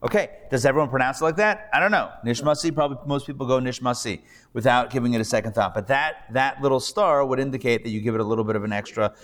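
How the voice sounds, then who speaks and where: Speaking at a quick pace in a medium-pitched, slightly bright voice, a rabbi patiently leads students through Hebrew pronunciation drills. The live class takes place in a classroom hall with an audience, and the sound reverberates.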